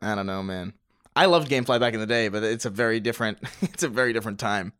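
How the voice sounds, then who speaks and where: A man's voice: lowish voice, quick pace, fairly bright tone, smooth. A man co-hosting a casual podcast, making wry, sarcastic asides. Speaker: podcast co-host.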